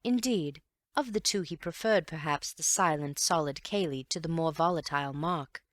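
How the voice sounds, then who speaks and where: A woman narrates a classic novel in calm, even storytelling. Her voice sits low. The recording is dry, with no room sound. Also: normal speed, dry recording. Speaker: audiobook narrator. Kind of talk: scripted audiobook narration.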